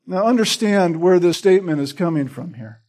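A man's voice: high-pitched, expressive, normal speed, darkish tone. A man preaching an expository Bible study, often repeating words and checking in with his listeners. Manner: repeats words while teaching, asks "right?". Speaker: pastor.

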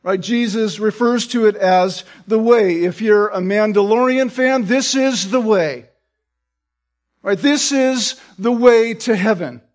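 High-voiced preaching man, earnest. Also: unhurried, hardly any pauses. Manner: often asks "right?" to check in with listeners; earnest, explanatory preaching with restarts. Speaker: pastor. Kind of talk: sermon.

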